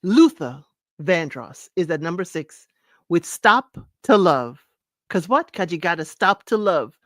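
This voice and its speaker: A woman's voice: on the low side, sing-song, unhurried, no room sound. Woman host, middle-aged, casual and chatty, sings along in places; dry close mic. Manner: chatty, sings snippets, laughs often. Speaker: podcast host. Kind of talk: casual chat counting down music.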